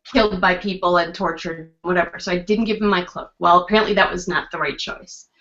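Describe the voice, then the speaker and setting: A woman guest on a podcast chatting casually in a rambling, animated way, on a lo-fi recording. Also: lowish voice, fairly quick. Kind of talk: casual chat.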